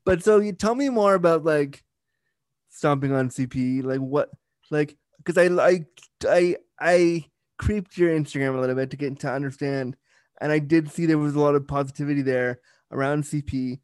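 A man's voice: on the high side, moderate pace, darkish tone, dry recording, studio quality. A man hosting a casual interview, chatty and a little hesitant, often restarting his sentences. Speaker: interviewer host.

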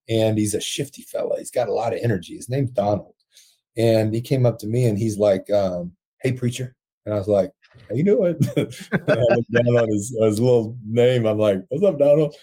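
A man guest telling a heartfelt story, his voice dark and mellow with a husky edge. He speaks earnestly, slips into laughter often, and sits a little low in pitch. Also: steady tone, normal speed. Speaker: podcast guest, prison ministry founder. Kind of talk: storytelling in conversation.

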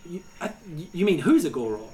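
A game master voicing a wary, cheeky female forest bird in a tabletop game, halting and chirpy in delivery. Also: mid-range voice, very animated, darkish tone, pitched above the performer's own voice, close to an everyday voice.

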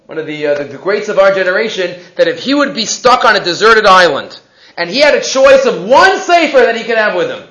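A man gives a weekly Torah portion lesson in a strikingly high voice. He teaches with animation and poses rhetorical question after question. Hebrew phrases run all through his English explanations. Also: bright, forceful tone, rough recording.

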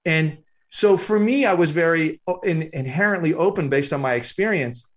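Male author guest, higher-pitched, reflective storyteller with halting pauses. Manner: reflective, unhurried, halting with fillers. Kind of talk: storytelling interview.

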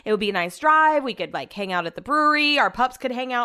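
A woman's voice: fairly high pitch, animated, fast, sharp tone, clean tone. A young woman hosting her own podcast, telling rambling, self-deprecating stories in a casual chat. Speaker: podcast host. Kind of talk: casual solo podcast monologue.

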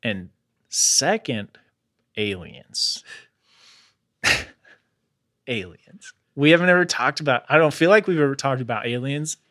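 Bright-voiced man telling a story. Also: mid-range voice, normal speed, no room sound, studio quality. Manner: relaxed retelling with slangy asides like "bro" and "dude". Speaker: podcast host. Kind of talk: casual storytelling chat.

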